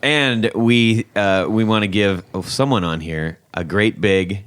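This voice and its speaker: Lively, laughing male podcast host. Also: lowish voice, takes it slowly, clear, resonant tone. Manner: animated, laughs often, trails off mid-sentence. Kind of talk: casual chat.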